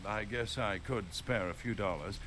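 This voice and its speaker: A man's voice: fairly low pitch, normal speed, natural voice. A man playing a nervous, stammering mark. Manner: hesitant, stammering. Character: nervous well-off man being shaken down. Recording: game audio with steady noise.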